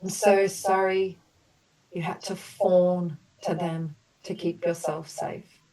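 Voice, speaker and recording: Soothing woman coach, mellow and distant. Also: fairly low pitch, fairly even intonation. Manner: slow, soothing repeated apologies, then loose chatty explaining. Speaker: voice coach leading an online group session. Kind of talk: guided emotional healing session.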